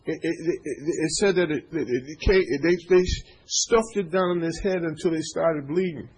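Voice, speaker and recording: A man's voice: on the high side, moderate pace, a little mellow, slightly rough, rough recording. A man preaching an informal sermon, stammering through repeated words and checking in with his listeners. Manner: stammering repetitions, call-and-response asides.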